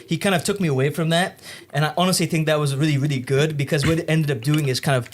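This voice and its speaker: A young man hosting a podcast, chatting casually and swearing freely as he tells animated stories. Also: on the high side, quick pace, slight background noise. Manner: profane, storytelling, animated.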